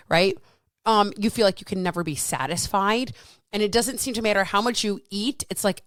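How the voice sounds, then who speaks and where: A woman in her thirties or forties, a fitness coach talking casually and frankly, animated and swearing freely. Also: medium pitch, brisk, dry recording. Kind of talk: casual solo talk.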